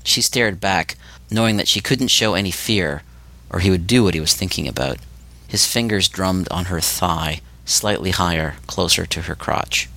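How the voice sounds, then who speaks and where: Deep-voiced male audiobook narrator. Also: normal speed, creaky, bright, forceful tone, no echo. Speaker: author and narrator.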